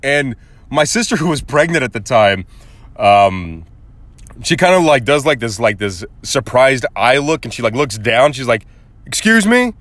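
Young man, podcast host, casual storytelling, lively up-and-down pitch, acts out voices. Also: moderate pace, no room sound. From Arizona, USA. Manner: animated, acts out quoted voices, swears casually.

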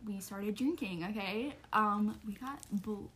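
A woman's voice: mid-range voice, a little slow, a bit bright, slight background noise. A young woman telling a personal story on a casual podcast, rambling with lots of fillers and frank, profane asides.

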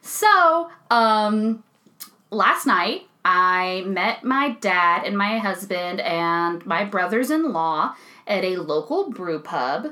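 A young woman in a studio, casually chatting as a podcast co-host, animated and quick to laugh as she acts out what people said. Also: mid-range voice. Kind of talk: casual chat, storytelling. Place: recording studio.

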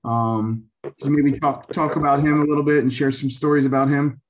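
Male interview host, average pitch, relaxed and encouraging. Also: brisk, slight background noise, low-quality recording.

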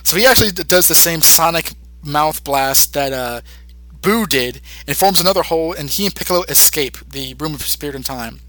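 A man's voice: fairly high pitch, dry recording, rough recording. A man co-hosting a podcast, recapping an episode in casual chat and jumping into put-on voices for the characters. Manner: animated, acts out character lines in quick put-on voices. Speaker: podcast co-host.

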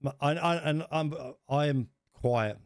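A man co-hosting a podcast, telling stories in an animated way. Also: fairly high pitch, measured pace, clean tone, dry recording, clean studio sound. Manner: animated storytelling, rising when worked up. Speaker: podcast co-host. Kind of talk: casual chat.

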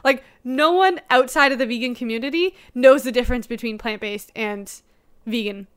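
Bright, animated young woman chatting. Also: fairly high pitch, moderate pace, clear, resonant tone. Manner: animated, frequent "like", laughs often. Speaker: co-host. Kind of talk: casual chat.

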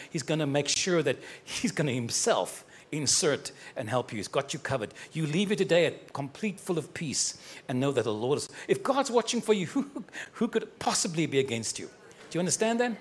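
A man with a slightly high, breathy voice preaches live and gives personal prophecies, addressing individuals in the congregation directly. He's fervent and affectionate, joking and laughing along the way.

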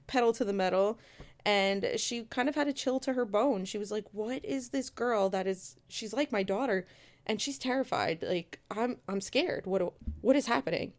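A woman casually telling a true-crime story, chatty and conversational, with asides to her listeners. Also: mid-range voice. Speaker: storyteller host.

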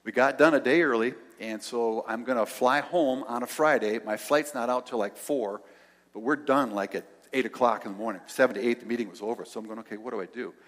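An older male pastor telling a story in a sermon, acting out the dialogue and dropping to soft tones. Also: medium pitch, fairly quick. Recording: long hall reverb.

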